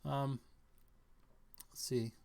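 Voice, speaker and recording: A man giving a halting, speculative commentary on news stories, thinking aloud with many fillers and restarts. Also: medium pitch, level tone, gravelly, darkish tone.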